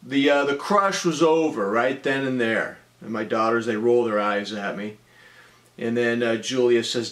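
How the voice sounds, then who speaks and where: A man in his forties telling a personal story in a casual, deadpan-humorous way, with frequent ums and uhs. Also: medium pitch, moderate pace.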